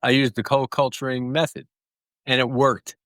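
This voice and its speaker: A man's voice: medium pitch, level tone, normal speed, a bit bright, dry recording. A man telling stories in an interview, rambling through anecdotes with small restarts. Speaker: guest clownfish breeder. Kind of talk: relaxed storytelling.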